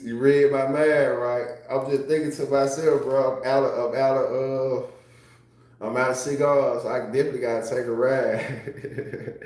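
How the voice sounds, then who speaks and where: A man's voice: mid-range voice, level tone, normal speed, a little mellow. A man chatting casually on a livestream, loose and profane, reading chat and laughing often. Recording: very echoey room.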